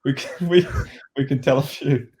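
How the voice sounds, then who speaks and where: Chatty man thinking out loud. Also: mid-range voice, moderate pace. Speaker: podcast co-host. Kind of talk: casual chat.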